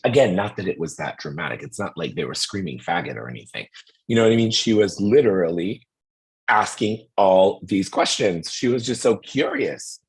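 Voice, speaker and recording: A middle-aged man with a hoarse voice, telling a story in a casual, animated way and acting out the people in it. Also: low-pitched, normal speed. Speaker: host.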